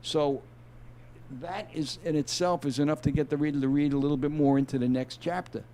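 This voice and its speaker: A man's voice: on the high side, steady tone, fairly quick, dark tone, a little hiss or hum. A middle-aged man, an author and former detective, speaking on a video call. He explains his craft in an easygoing way, reads aloud from his novel, and often restarts his sentences. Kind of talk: interview guest, reading aloud from his novel.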